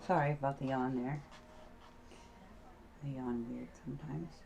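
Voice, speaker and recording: A woman's voice: extremely low pitch, fairly even intonation, unhurried, vocal fry, mellow, slight background noise, rough recording. A middle-aged woman talking casually about her quilting as she works, chatting and humming to herself. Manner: chatty, hums and sings to herself while working. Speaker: quilting vlogger. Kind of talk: casual crafting talk while sewing.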